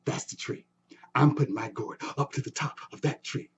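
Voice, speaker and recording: Impatient trickster spider guy chanting slow and strained, husky and mellow, a man doing the voice, dull lo-fi sound. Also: high voice, big pitch swings, exaggerated voice. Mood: determined.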